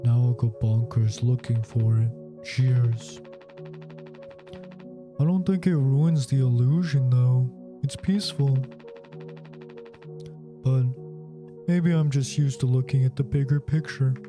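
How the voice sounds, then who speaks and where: An actor playing a calm, thoughtful male ship captain who speaks in a measured way. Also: mid-range voice, close to an everyday voice. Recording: game dialogue over music.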